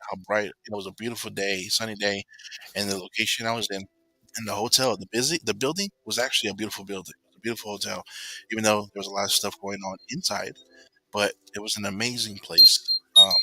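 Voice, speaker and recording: A man casually telling a personal story, rambling and filling pauses with "you know.". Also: lowish voice, bright, forceful tone, rough recording.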